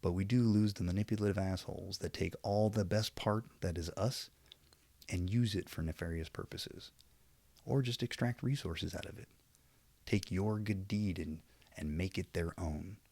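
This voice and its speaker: A man with a fairly low voice delivers a rambling opinion monologue straight to camera. He is preachy but self-aware, trailing off into wry asides. The sound is dry and close, with no room echo. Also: normal speed, creaky, mellow. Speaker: vlogger.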